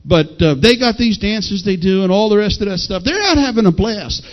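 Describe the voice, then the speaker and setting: A middle-aged male pastor preaching a folksy, animated sermon that rises to shouted peaks. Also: high voice, brisk. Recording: dull lo-fi sound.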